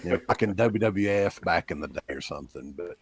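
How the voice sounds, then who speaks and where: A man's voice: low voice, animated, a little fast, slightly rough. A man from Kentucky with an Eastern Kentucky accent, a podcast guest telling rambling stories in casual chat. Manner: rambling storyteller.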